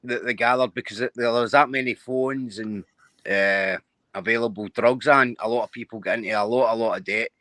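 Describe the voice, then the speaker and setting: A man's voice: medium pitch, fairly even intonation, brisk, fairly bright tone, no echo. A Scottish man talking casually on a live stream, blunt and swearing, often stammering and restarting. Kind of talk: casual chat.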